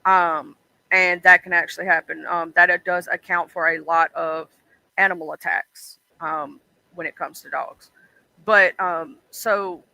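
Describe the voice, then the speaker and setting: Laughing and imitating childhood voices, this man hosts a stream and rambles in casual chat full of ums and "you know"s. His high voice is creaky, bright, and forceful, with no echo, though the recording quality is low.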